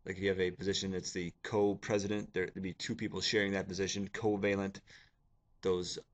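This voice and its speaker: Low-voiced man teaching a lecture. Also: little pitch movement, brisk. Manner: casual, joking, talks to students as "guys". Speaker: science teacher. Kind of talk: recorded video lecture over slides.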